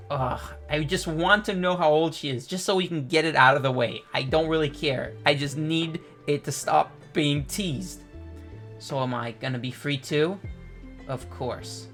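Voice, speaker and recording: Excited man reacting to a manga chapter. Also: on the high side, measured pace, soft background music. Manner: excited, thinking aloud with self-corrections. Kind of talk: casual chapter reaction and review.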